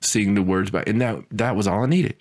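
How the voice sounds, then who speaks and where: A man co-hosting a podcast, telling long rambling stories in casual chat with lively asides. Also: on the low side, a little fast. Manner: rambling storyteller, animated asides. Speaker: podcast co-host.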